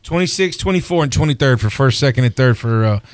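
A man's voice: medium pitch, fast, dry recording. A man hosting a casual fishing talk show on the radio, telling stories with lots of energy and frequent laughs. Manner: animated storyteller, laughs often. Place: radio studio.

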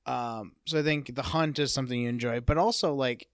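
A man's voice: medium pitch, fairly quick, no echo, studio quality. A man hosting a podcast in casual chat, mostly giving short, laid-back replies. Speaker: podcast host.

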